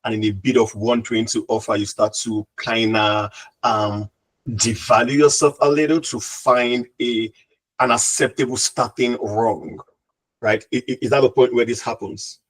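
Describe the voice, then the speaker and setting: A man breaking in with a halting, stammering question during a panel discussion. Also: mid-range voice, steady tone, low-quality recording.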